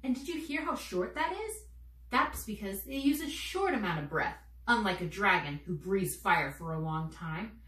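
A young woman, a children's theater teaching artist, leading kids through warm-up games in a slow, encouraging, playful way. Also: medium pitch, animated, reverberant, far from the mic.

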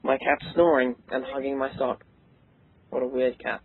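An English teenage boy hosting a casual let's play chat, joking and rambling with excitable bursts. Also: medium pitch, normal speed, vocal fry, breathy edge. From England. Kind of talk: casual gaming commentary chat. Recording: tinny lo-fi voice-call audio.

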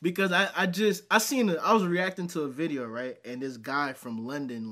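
A man hosting a casual reaction video. He talks excitably, swears, and breaks into loud laughter. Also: fairly high pitch, normal speed. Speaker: video host.

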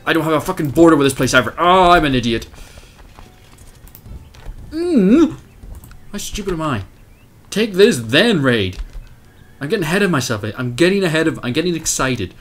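A young man casually commentating his strategy game, animated, self-mocking and swearing at the game as he plays. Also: medium pitch. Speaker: let's play host.

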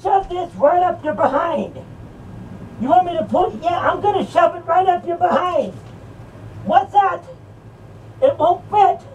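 In an improvised rant, a woman plays a sneering male horror character who taunts and mocks, with abrupt shouts and cackles. Her very high voice is expressive, her pace measured, and she pauses often. The audio is dull, from a distant mic with faint noise.

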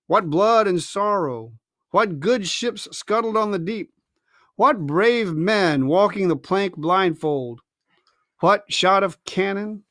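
High-voiced man reading a novel aloud. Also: no echo, studio quality. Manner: expressive storytelling. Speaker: reader.

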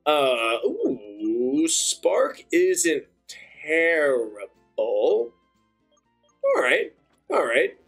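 Excitable young man playing a game. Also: on the high side. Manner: excitable, chatty, bursts into cheers. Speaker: gaming channel host. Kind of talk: let's play commentary.

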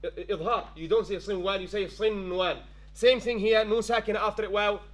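High-voiced man teaching a class. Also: fast. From London-based. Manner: quizzing the class with frequent "yes?" checks, mixing in Arabic phrases. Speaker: tajweed teacher. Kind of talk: classroom lesson.

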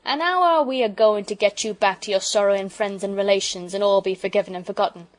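Brief: woman reading as a blunt, good-hearted engine driver, loud and hearty, dropped aitches. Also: mid-range voice, fast, close to an everyday voice. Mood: teasing. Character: gruff, kindly working-class engine driver, man. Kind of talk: storybook reading.

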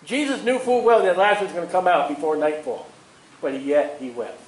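A man preaching a sermon in an animated way, chuckling at his own asides. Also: a little high, fairly quick, roomy sound, rough recording.

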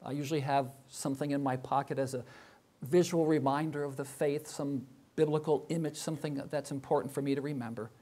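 A man's voice: medium pitch, steady tone, brisk, mellow. An older man, a professor, giving a reflective sermon full of rhetorical questions. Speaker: professor and chapel speaker.

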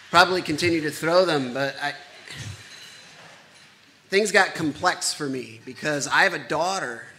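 Bright-voiced man telling a true story. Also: a little high. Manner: conversational, candid, self-deprecating humor. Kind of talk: live personal storytelling. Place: live storytelling event on stage.

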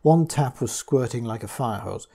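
A man reading a first-person horror tale aloud, his delivery measured and grave. His voice is mellow and warm, with a husky grain to it. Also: mid-range voice, animated. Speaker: audiobook reader.

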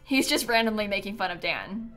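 A young adult woman chatting casually on a live stream, animated and prone to breaking into laughter. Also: mid-range voice, brisk, faint music behind.

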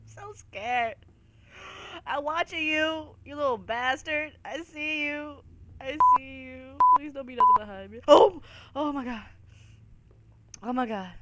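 Her voice sits high and keeps a measured pace as she hosts a horror let's-play, talking to y'all at home. She's jumpy, swears, and lets out loud frightened outbursts throughout.

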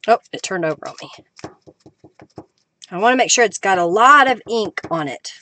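A woman's voice: mid-range voice, lively intonation, normal speed, sharp tone, a little hiss or hum. A woman hosting a live crafting stream, chatting casually as she works and greets viewers. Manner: chatty, reads out viewer comments with bursts of cheer. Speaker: crafting livestream host.

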